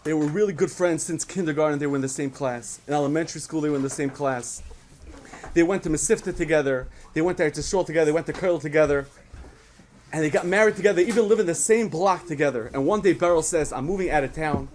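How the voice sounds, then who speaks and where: Brief: male speaker, lively lesson to kids, slightly high voice. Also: fast talker, a little hiss or hum. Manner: asks the audience questions, animated storytelling. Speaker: speaker at a children's program. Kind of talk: storytelling lesson to children.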